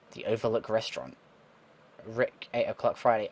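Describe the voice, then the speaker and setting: A man's voice: mid-range voice, normal speed, long pauses, a little hiss or hum. A young man giving casual gameplay commentary, thinking aloud with sarcastic asides and the odd swear word. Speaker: let's play gamer.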